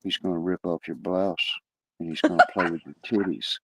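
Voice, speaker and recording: A man doing a sly cheeky rabbit, low murmur. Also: steady tone, moderate pace, fairly bright tone, breathy edge, full character voice. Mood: leering. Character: cheeky male woodland rabbit.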